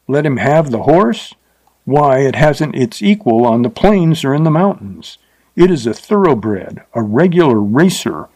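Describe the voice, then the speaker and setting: A man voicing a confident young Texan horseman who speaks briskly and mockingly in an audiobook. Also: mid-range voice, darkish tone, dry recording. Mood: indignant.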